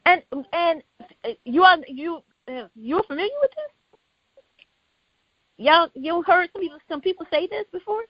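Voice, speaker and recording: A woman's voice: extremely high pitch, normal speed, pauses often, no echo. A woman hosting a casual discussion, telling a long personal story and acting out the dialogue of the people in it. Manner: storytelling, animated, quotes others in dialogue. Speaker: host. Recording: dull lo-fi sound.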